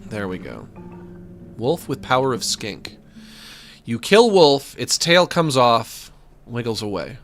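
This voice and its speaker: Man, game streamer, lively pitch, self-mocking, exclaiming, faint background music. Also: slow pace, long pauses. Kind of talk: let's-play commentary.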